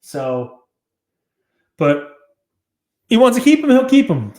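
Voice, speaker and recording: A man hosting a casual hobby podcast, talking in an animated, ranting way and often breaking into laughter. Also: very high-pitched, slow pace. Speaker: podcast host. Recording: roomy echo.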